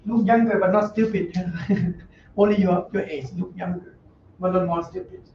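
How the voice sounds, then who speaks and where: At normal speed and with fairly even intonation, a high-voiced male monk gives an informal dharma talk to a Dhamma class in a meditation center hall. He's blunt, jokes around, and laughs amid broken English. Audio is distant and roomy, from a dull mic with faint noise.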